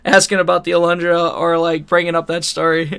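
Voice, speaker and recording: This is a man with a high, tense, crisp voice, telling a long story on a podcast in a loose, rambling way. He laughs often at his own tale and swears freely. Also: monotone, brisk, a bit bright. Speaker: podcast co-host. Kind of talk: casual storytelling chat.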